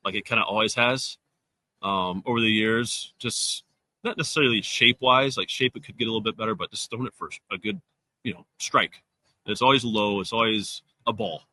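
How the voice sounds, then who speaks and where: A man's voice: fairly low pitch, fairly quick, bright, forceful tone, dry recording, poor audio. A man explaining plainly and matter-of-factly as an interview guest. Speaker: professional baseball pitcher, guest. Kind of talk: casual interview chat.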